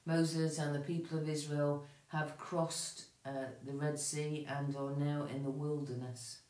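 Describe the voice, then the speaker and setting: A man leading morning prayer, reading psalms and scripture in a measured, steady way. His voice sits a little high for a man. The room rings with echo around him. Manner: measured, steady reciting with small self-corrections. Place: church. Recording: echoey room.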